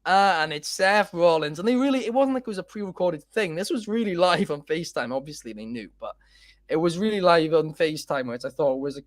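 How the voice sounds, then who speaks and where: A man hosts a casual chat show and rambles through his opinions with plenty of filler words. His voice sits a little high. The recording is dry and close, with no room sound. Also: lively intonation, fairly quick, no echo. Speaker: podcast host.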